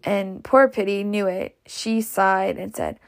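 A woman's voice: medium pitch, steady tone, slow pace. A woman narrating an audiobook, with occasional slips and restarts. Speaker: audiobook reader.

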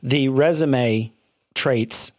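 A man's voice: medium pitch, extremely slow, no room sound. Male co-host, mid-range voice, earnest and reflective, dry close-miked sound, casual podcast talk. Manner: earnest, reflective, many restarts. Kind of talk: casual faith-based film discussion.

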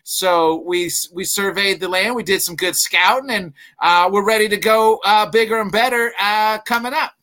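A man's voice: high voice, steady tone, moderate pace, hardly any pauses, bright, forceful tone. A man co-hosting a casual sports show, brash and teasing, trash-talking his co-host.

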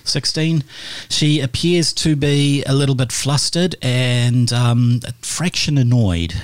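A man's voice: mid-range voice, takes it slowly. A man narrating a tabletop role-playing game as game master, often laughing.

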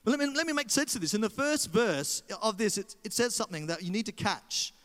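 Australian male pastor, animated sermon delivery, higher voice, long reverb. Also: fairly quick. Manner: animated storyteller, addresses congregation.

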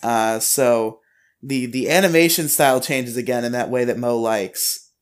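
A man's voice: mid-range voice, unhurried. A man co-hosting a podcast, casually recapping an anime episode, acting out lines in a raised voice and laughing often. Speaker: podcast co-host.

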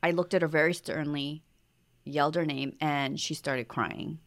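A woman co-hosting a podcast, telling a parenting story in a reflective, soft-spoken way. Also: sits low, fairly even intonation, normal speed. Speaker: podcast co-host. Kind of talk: casual conversation.

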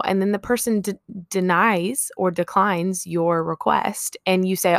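A woman's voice: mid-range voice, fairly even intonation, a little slow, no echo, clean studio sound. A young woman hosting a solo podcast, talking earnestly and reflectively, acting out short everyday example quotes. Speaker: podcast host.

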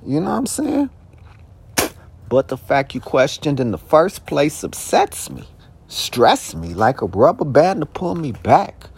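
A young adult man hosts a podcast solo, rambling in a profane, streetwise monologue that sometimes flares into heated, shouted questions. His voice is a little high, gravelly and husky, unhurried, with big pitch swings.

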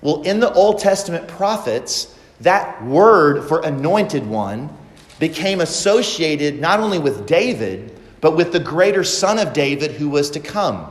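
A man's voice: a little high, big pitch swings, measured pace, echoey room, big-room sound. A man preaching a sermon as pastor, asking the congregation rhetorical questions.

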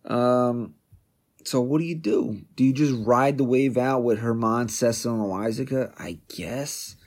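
A man's voice: mid-range voice, a little slow, a little mellow. A man hosting a sports podcast, delivering a combative, sarcastic rant full of jabbing questions. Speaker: podcast host.

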